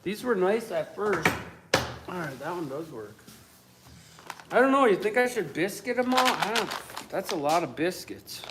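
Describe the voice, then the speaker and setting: Building something in his home workshop, a livestreaming woodworker swears and rants combatively at chat. His high voice is sing-song at a moderate pace with long pauses, over heavy background noise.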